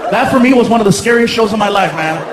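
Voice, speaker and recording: A man doing stand-up comedy, an animated, slangy storyteller on a stage mic in a large theater. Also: high-pitched, fast, noisy background. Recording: echoey theater with loud crowd.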